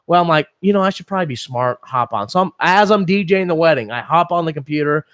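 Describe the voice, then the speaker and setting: Podcast co-host, 30s male, slightly high voice, dry close mic, rambling profane storyteller. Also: expressive, quick pace, a bit bright, no echo. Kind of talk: casual podcast banter.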